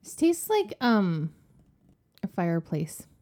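A woman in her thirties, a podcast cohost, chatting casually and telling stories in an animated way. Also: mid-range voice, slow. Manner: animated storyteller. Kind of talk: casual chat.

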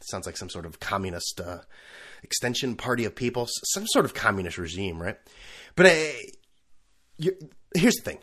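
A man's voice: fairly low pitch, big pitch swings, moderate pace, long pauses, a bit bright, slightly rough. A man hosting his own podcast, talking alone in a rambling, profane and sarcastic way. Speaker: podcast host. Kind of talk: casual solo chat.

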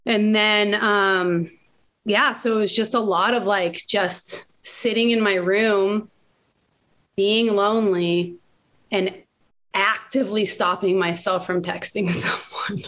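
A woman in her late thirties telling a personal story in candid conversation, animated and laughing often. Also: mid-range voice, slow. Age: late 30s. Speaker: podcast guest.

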